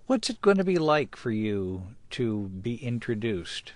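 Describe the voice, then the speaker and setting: A man hosts the interview in a measured, polite broadcast manner. His voice sits at an ordinary middle pitch. The recording is dry and close. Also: big pitch swings, darkish tone, no echo.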